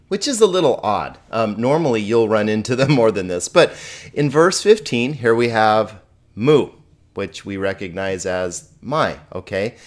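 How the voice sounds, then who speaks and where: Man, teacher delivering a recorded lesson; friendly and patient, repeats forms, asks the class questions. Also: medium pitch. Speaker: Greek teacher.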